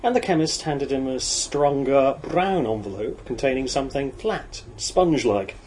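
A man reads a novel aloud at a steady, measured pace. His voice sits at an ordinary middle pitch. A faint hiss runs under the recording. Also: poor audio. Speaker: audiobook narrator.

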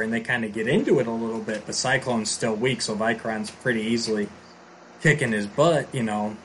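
A man with a middle-pitched voice casually retells a story to a co-host. He rambles and restarts often, full of fillers, over a faint hiss of noise. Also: steady tone, brisk, fairly bright tone, rough recording.

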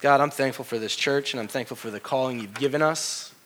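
A middle-aged male pastor preaching a sermon with passion, his voice swinging from hushed to loud exclamations. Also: medium pitch, fairly quick, slight background noise.

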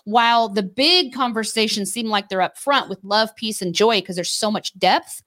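A woman co-hosting a casual faith discussion, telling stories with emphatic repetition and quick restarts. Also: medium pitch, fairly bright tone. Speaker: podcast co-host.

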